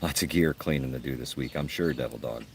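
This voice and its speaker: A man hosting a casual outdoor livestream at a campsite, reading out viewer comments with a gruff, blunt, joking manner. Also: rumbling low, a little fast, a little hiss or hum. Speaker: livestream host.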